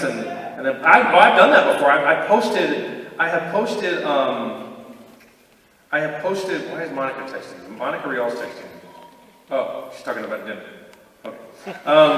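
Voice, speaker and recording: Man, chatty convention Q&A, rambling, laughs a lot, distant echoey hall, slightly high voice. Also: animated, normal speed, a bit bright. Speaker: voice actor convention guest. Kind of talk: casual convention Q&A. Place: convention panel room. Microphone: audience camera far from stage.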